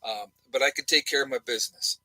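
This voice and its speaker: A man's voice: mid-range voice, fast, bright, forceful tone, dry recording, rough recording. A middle-aged man from the United States co-hosting a livestream, talking bluntly and repeating his points for emphasis. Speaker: livestream co-host. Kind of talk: casual opinionated livestream chat.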